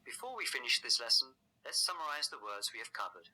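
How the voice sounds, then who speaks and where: A man narrating a scripted language lesson in a measured, explanatory way. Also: medium pitch, very animated, bright, forceful tone, rough recording. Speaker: language teacher.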